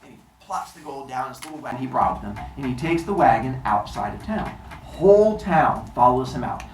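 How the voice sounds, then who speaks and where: Man improvising a story, animated, lively pitch, echoey room, far from mic, faint hiss. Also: fairly quick. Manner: animated, playful narration. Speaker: storyteller to children.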